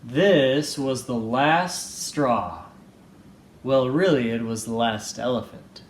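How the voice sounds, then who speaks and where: A man reading a children's picture book aloud, slow and playful, doing voices as he goes. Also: echoey room, a little hiss or hum. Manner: slow, expressive, playful read-aloud with lively pitch. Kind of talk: storybook read-aloud with voices.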